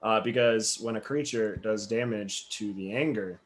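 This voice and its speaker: A man's voice: fairly low pitch, normal speed, slight background noise. A man acting as game master for a tabletop game, speaking in a casual way and laughing often.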